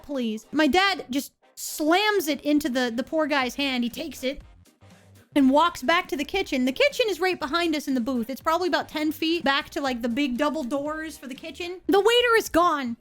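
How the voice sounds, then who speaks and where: High-voiced woman telling a story. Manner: animated, acts out quoted people in lower voices. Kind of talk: casual storytelling.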